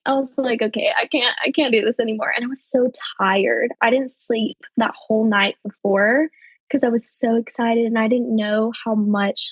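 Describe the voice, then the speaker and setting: A young adult woman, a podcast guest telling her personal story in a chatty way, full of fillers, her voice jumping higher when she quotes people. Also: no room sound. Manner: chatty, heavy with fillers like um and you know.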